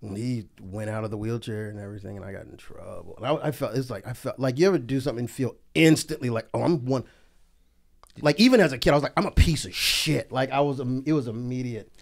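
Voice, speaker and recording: A man's voice: medium pitch, quick pace, gravelly. A man, a comedian guest on a podcast, telling rambling stories in casual chat and laughing through them.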